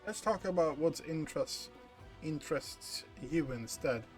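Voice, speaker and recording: A man's voice: fairly high pitch, lively intonation, measured pace, soft background music. A man streaming a game playthrough, reading his choices aloud in a playful way and laughing often.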